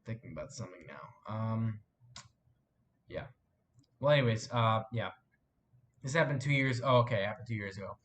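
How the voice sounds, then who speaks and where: A man's voice: on the low side, expressive, moderate pace, long pauses, a little hiss or hum. Rambling young man chatting on a live stream. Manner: rambling, many fillers and self-corrections. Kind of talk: casual live-stream chat reading viewer comments.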